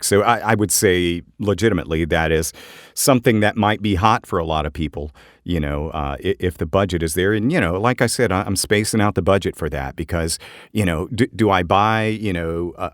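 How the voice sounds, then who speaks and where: Deep-voiced male podcast co-host, casual. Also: no echo, clean studio sound. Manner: relaxed, joking, many fillers. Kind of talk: casual chat.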